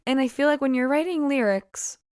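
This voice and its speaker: A singer-songwriter talks casually about her own song on a podcast, wandering off on tangents with lots of laughter and filler words. Her voice is high-pitched and a bit quick, recorded clean in a studio with no echo.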